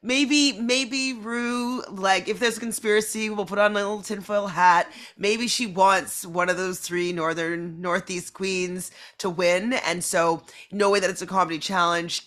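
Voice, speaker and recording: A woman's voice: lowish voice, fairly bright tone. A woman guest on a podcast, chatting casually, giggly and hedging. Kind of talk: casual chat.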